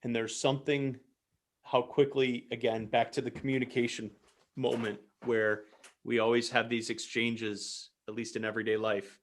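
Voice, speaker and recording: A man hosting a ministry podcast, asking friendly, thoughtful questions with a casual, halting flow. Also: medium pitch, flat delivery. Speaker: podcast host. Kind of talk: conversational podcast interview.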